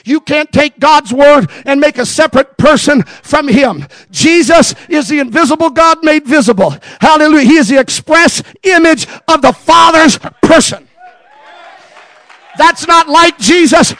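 A male pastor preaching a sermon at a camp meeting, building from quiet teaching to shouted calls. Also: extremely high pitch, normal speed, dry recording.

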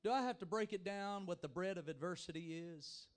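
A man preaching a revival sermon as an evangelist, shifting between fervent shouting and soft, low-voiced passages, with repeated calls to the congregation. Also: fairly quick. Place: church youth rally before a congregation.

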